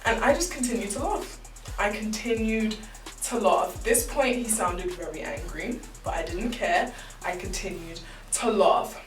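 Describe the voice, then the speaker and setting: A young woman telling a casual, animated storytime full of slang. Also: medium pitch, a little slow. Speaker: vlogger. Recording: roomy, distant mic, faint background music.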